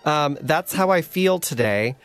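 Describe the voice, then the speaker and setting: A man's voice: a little high, animated, a little slow, fairly bright tone, faint music behind. A man co-hosting a casual chat show, sleepy and giggly, joking at his own expense. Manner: self-mocking, giggly. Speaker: podcast co-host.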